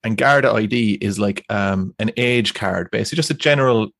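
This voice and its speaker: A man's voice: lowish voice, fairly quick, creaky, no room sound, clean studio sound. A young Irish man rambling through a story in casual chat, laughing as he goes. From Ireland. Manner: rambling, animated, laughs through his stories. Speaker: guest.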